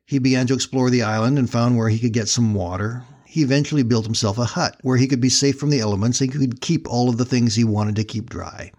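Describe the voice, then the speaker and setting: A man preaching a sermon, telling a story in an earnest, steady way before drawing the lesson. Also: mid-range voice, fast talker, hardly any pauses.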